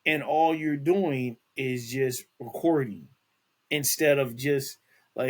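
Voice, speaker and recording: Speaking slowly in a mid-range voice, a male podcast host chats through casual celebrity news. His talk rambles, full of fillers and restarts.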